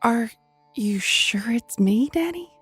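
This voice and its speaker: Man putting on a timid young woman, small shaky voice, high and slow, gravelly edge. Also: little pitch movement, a little mellow, dry recording, faint music behind, heavily acted. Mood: scared.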